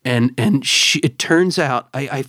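A middle-aged man chatting on a podcast, spinning a story with lively energy and tripping over repeated words when he gets excited. His voice sits in a middle register and is recorded close and dry. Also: mid-range voice, measured pace, no echo. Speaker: podcast co-host. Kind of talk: casual chat and storytelling.

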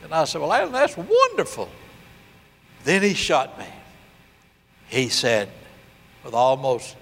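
An older man preaches in a storytelling way, acting out the voices in his story. His voice sits a little high, and he draws out his main points slowly. The sound carries a long reverb. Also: wildly swooping pitch, fairly bright tone. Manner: storytelling preacher, acts out dialogue, slows for emphasis. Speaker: pastor. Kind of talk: sermon.

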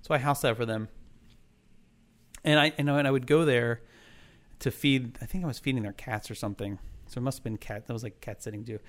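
A man's voice: medium pitch, steady tone, brisk. A man in casual chat, telling a ghost story in a rambling way, full of fillers and restarts.

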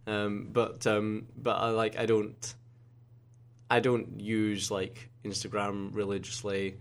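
A man's voice: on the low side, completely flat delivery, slow pace. Giggly man on a podcast. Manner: giggly, self-deprecating, rambling. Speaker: podcast co-host. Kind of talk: casual podcast chat. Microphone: computer mic on a Skype call.

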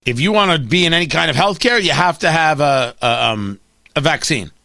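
Middle-aged male talk radio host, combative and sarcastic, fairly high and bright, very dry close sound. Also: lively intonation, fairly quick, gravelly, no room sound. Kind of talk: opinionated talk radio monologue.

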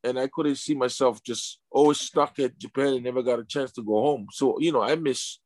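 Guy in an interview, mid pitch, keeps tripping on his words, dry close sound. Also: steady tone, fairly quick, darkish tone, dry recording. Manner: emotional, stumbling over repeated words. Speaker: interview guest, retired sumo wrestler. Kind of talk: casual storytelling interview.

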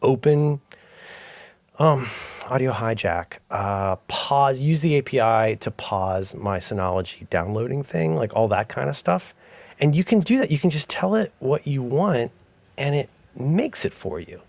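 Animated rambling man podcaster. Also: medium pitch, unhurried, creaky, dry recording. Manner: rambling, self-interrupting, animated storytelling. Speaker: podcast co-host. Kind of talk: casual chat.

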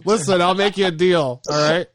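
A man's voice: sits high, fairly quick, crowd noise. A man hosting a podcast, talking casually with friends, swearing freely and reading out lists. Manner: laid-back, swears freely, reads lists aloud. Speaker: podcast host.

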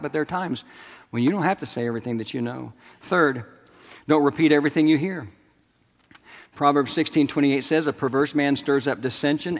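A middle-aged male pastor delivers a sermon to his congregation, mixing stories with calls for them to respond. His voice sits at an ordinary pitch for a man. It rings out with a long reverb through a large sanctuary. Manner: storytelling, asks the congregation to respond.

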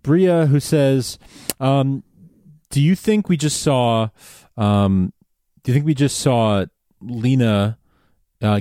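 A man's voice: on the low side, dark tone, no echo, studio quality. A man co-hosting a casual podcast, upbeat and talking with lots of "uh"s and restarts. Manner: upbeat, hesitant with many fillers. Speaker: podcast co-host.

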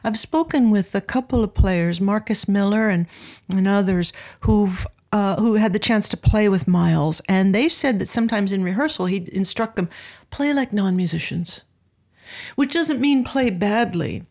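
A woman's voice: medium pitch, normal speed, a little mellow. A woman in her sixties, a music producer and professor, telling a story in an interview and acting out the voices of the people in it. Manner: vivid storyteller who acts out quoted voices.

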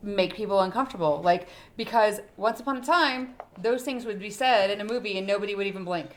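A woman's voice: mid-range voice, brisk, slight background noise. A woman co-hosting a podcast, earnest in casual chat and steering the talk. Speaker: podcast co-host.

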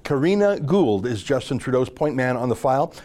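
A man's voice: medium pitch, expressive, fairly quick, darkish tone. A man hosting a political commentary segment, speaking in a sarcastic, mocking way. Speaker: commentary show host.

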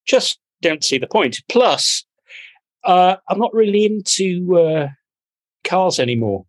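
A man, a podcast guest with a dry, deadpan way of talking. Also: high-pitched, takes it slowly, no echo. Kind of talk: casual chat.

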